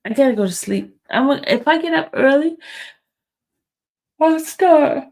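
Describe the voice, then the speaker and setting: A woman hosting a livestream in a relaxed, chatty way, teasing her viewers as she answers their comments. Her voice is gravelly and has a lot of fry in it. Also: high voice, normal speed. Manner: chatty and teasing, talks straight to the chat. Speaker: livestream host. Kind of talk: casual livestream chat, reading viewer comments.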